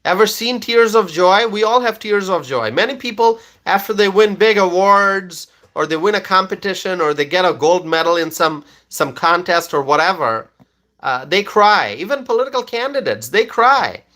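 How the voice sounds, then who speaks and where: A man's voice: high-pitched, animated, normal speed, sharp tone. A man hosting a political livestream and reading out viewer comments. He is emphatic, repeats himself, and keeps checking in with "okay?".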